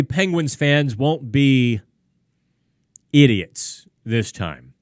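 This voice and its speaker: A man's voice: medium pitch, no echo. A male sports host talks through viewer questions on a live hockey stream. His voice sits in the middle range and the studio sound is dry and close. He speaks in loose, conversational runs, full of restarts and asides. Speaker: sports talk show host.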